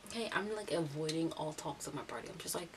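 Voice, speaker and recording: Young woman, casual storytime vlogger, lively chatty telling, low voice, distant hissy recording. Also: fast talker. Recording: distant mic with steady hiss.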